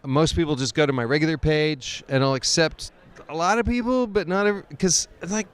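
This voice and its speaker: Actor guy rambling in a casual interview, kinda high, smooth voice. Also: a little fast. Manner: rambling, chatty, self-deprecating. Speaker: actor guest. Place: convention.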